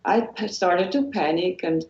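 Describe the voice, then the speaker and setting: There's an unhurried, darkish quality to this Swiss woman's fairly low voice as she guests on a motivational interview as a hypnotherapist. Earnest and encouraging, she often circles back with repeated phrases and restarted sentences. The sound is dull, lo-fi and echoey.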